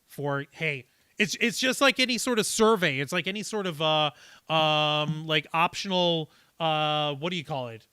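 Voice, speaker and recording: Bright, crisp-voiced male livestream host. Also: fairly high pitch, moderate pace, no room sound. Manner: explains at length with fillers and restarts. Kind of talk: casual livestream discussion.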